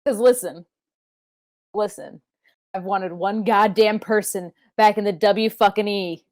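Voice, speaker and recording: A woman's voice: medium pitch, fairly even intonation, measured pace, darkish tone. A woman co-hosting a wrestling podcast, recapping matches in casual chat with playful wordplay and frequent swearing. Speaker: podcast co-host.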